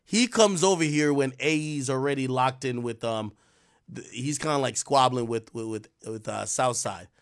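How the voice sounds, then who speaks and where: A man hosts a live stream, rambling casually through commentary thick with profanity and trash talk. His voice is medium-pitched at a moderate pace.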